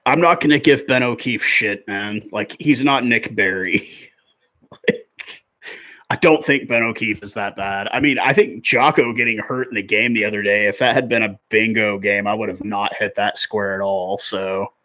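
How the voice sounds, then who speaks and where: Bright-voiced rugby fan in his forties. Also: on the low side, steady tone, normal speed. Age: 40s. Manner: rambling, conversational, filler-heavy. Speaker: rugby live-stream host. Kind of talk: casual live match chat and commentary.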